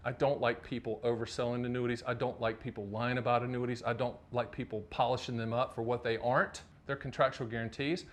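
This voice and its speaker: A man from North Carolina hosting a finance show, talking to the camera in an animated, emphatic way with lots of rhetorical questions. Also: mid-range voice, fast, few pauses. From North Carolina, USA. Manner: animated, emphatic, rhetorical, addresses the viewer directly. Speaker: host of a finance channel.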